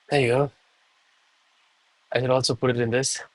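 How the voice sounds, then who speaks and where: A man's voice: medium pitch, fairly bright tone, no echo, low-quality recording. Winded young man hyping a live stream. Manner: breathless, hyped, talks to viewers between push-ups. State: out of breath. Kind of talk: casual live-stream chat.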